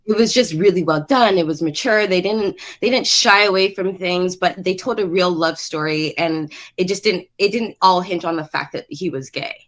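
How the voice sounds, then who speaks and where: Woman co-host, lower voice, animated, laughs a lot, casual chat. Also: normal speed, hardly any pauses. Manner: animated, laughs often, restarts sentences. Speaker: co-host of a show review podcast. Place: studio apartment.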